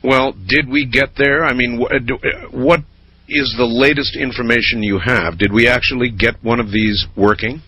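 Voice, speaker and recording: A male host asking a guest questions in a radio interview, probing and somewhat halting. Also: medium pitch, fairly even intonation, sharp tone, slight background noise, rough recording.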